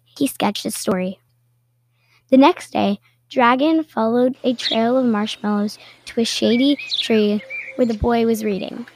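A woman reading a children's picture book aloud with playful, expressive storytelling and little asides. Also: fairly high pitch, slight background noise. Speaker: storybook reader.

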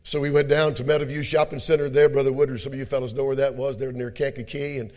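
A middle-aged pastor preaching a sermon, telling a story in a low, quiet voice and then rising to loud shouted exhortation. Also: male voice, little pitch movement, quick pace. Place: church conference hall.

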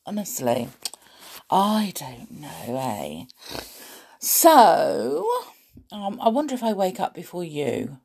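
A woman hosting a storytelling show, croaky from a sore throat, chatting playfully to young listeners. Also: fairly low pitch, takes it slowly, pauses often. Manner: playful, animated, with gasps and little laughs.

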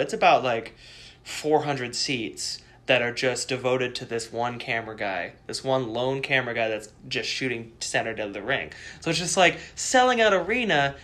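A man chatting casually, telling stories in an animated way with frequent laughs. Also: medium pitch. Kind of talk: casual chat.

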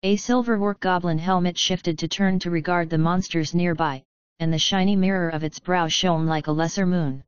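A woman narrating a fantasy audiobook in a measured, steady reading. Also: lowish voice, clear, resonant tone, no echo, muffled recording.

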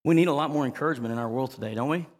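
In a church, a pastor preaches a sermon to his congregation, speaking very fast at medium pitch with a long reverb tail. He is emphatic and often asks the crowd to respond.

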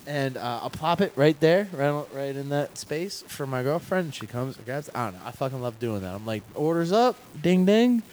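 A man hosting a casual podcast at home, a little drunk, excitable, swearing and laughing easily. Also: mid-range voice, moderate pace, few pauses, slight background noise, poor audio. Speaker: podcast host. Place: kitchen area at home.

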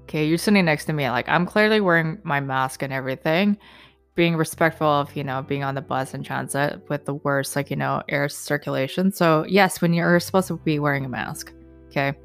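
A woman's voice: deep voice, fairly quick, creaky. Indignant woman ranting with faint music. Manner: indignant, profane, lots of fillers. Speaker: vlogger recounting an incident. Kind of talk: casual storytelling rant.

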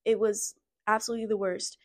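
A woman's voice: mid-range voice, little pitch movement, fairly quick. A young adult woman hosting a podcast, telling her personal story in a candid, rambling way, with many fillers and some blunt swearing. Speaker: podcast host.

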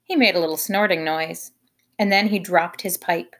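A woman reading a children's novel aloud with lively, expressive narration. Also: fairly low pitch, moderate pace. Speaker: audiobook reader. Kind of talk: scripted narration.

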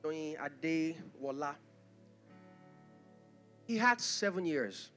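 A man preaching a sermon as pastor, impassioned and rising to shouts, with acted-out asides. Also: fairly high pitch, expressive, slow pace, soft background music.

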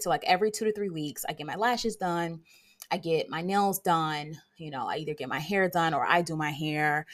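A young woman hosting a casual solo podcast, talking fast and excitably with playful sarcasm. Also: lowish voice. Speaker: podcast host.

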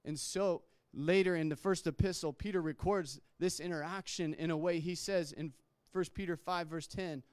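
A man's voice: on the high side, fairly even intonation, normal speed, few pauses, clean tone, dry recording. A man preaching a sermon in a conversational way, restarting words and acting out quotes. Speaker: pastor.

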